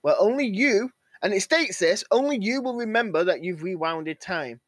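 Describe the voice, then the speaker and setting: A man co-hosting a gaming podcast, telling animated stories and acting out characters in casual chat. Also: sits high, normal speed, no room sound. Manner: animated storytelling, acts out characters. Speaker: podcast co-host.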